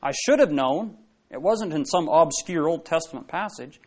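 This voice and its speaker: A man's voice: on the high side, expressive, moderate pace, a little mellow. Man preaching a conversational sermon. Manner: conversational, asks the congregation questions, many restarts.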